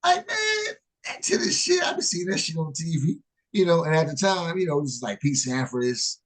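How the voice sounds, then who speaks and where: A man co-hosting a casual chat, telling stories with lively swings and laughing often. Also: normal speed. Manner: animated, jumps high when quoting people, laughs often. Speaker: podcast co-host.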